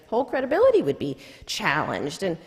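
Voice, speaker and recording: A woman's voice: lowish voice, wildly swooping pitch, a little fast, darkish tone. A woman who is a civil rights lawyer, telling a personal story in a public lecture in a college hall, emphatic and repeating key lines for effect. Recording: echoey hall with long reverb.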